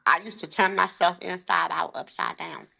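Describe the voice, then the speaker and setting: Bright-voiced woman coach with a gravelly edge. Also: on the low side, fairly even intonation, moderate pace. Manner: emphatic and heartfelt, sometimes holding back tears. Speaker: life coach and guest. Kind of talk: candid faith-filled interview talk.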